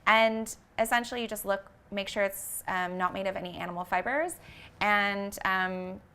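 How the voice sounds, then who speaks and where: A woman who founded a vegan fashion brand, talking as an interview guest in an earnest, reflective way and often pausing on fillers as she searches for words. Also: mid-range voice, bright, forceful tone, smooth. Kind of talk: casual reflective interview talk.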